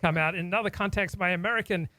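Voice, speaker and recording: A man's voice: high-pitched, rapid-fire, pushed and bright, no room sound, rough recording. A man from Australia hosting a talk, speaking in an earnest, reflective way and often repeating words as he thinks. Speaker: host. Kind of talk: casual discussion.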